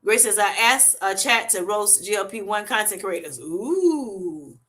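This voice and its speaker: Bright-voiced woman hosting a live chat. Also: medium pitch, animated, a little slow. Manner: laughs often, calls viewers honey and baby, reads comments aloud. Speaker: livestream host reading chat.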